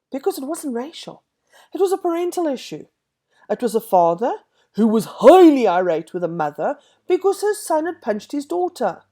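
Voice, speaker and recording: A woman's voice: sits high, dark tone. A woman giving an emphatic, indignant opinion vlog, sarcastic at times. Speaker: vlogger.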